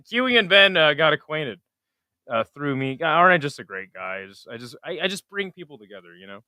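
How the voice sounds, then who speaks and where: A man's voice: fairly high pitch, big pitch swings, a little fast, pushed and bright, no echo. A man hosting a casual live stream who swears, mocks himself and mutters while fiddling with his setup. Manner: profane, self-mocking, mutters to himself. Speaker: livestream host.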